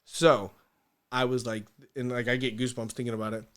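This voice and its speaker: A man as a podcast guest, telling stories casually; animated, swearing freely, laughing often and restarting his sentences. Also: medium pitch, a little fast. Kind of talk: casual storytelling.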